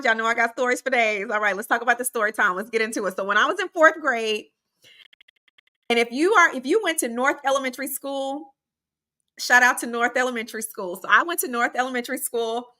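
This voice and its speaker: Woman, host, chatty storytelling, high voice, bright tone. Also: fairly quick. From Arkansas, USA. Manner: chatty and animated, often addressing listeners directly. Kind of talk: casual storytelling to the audience.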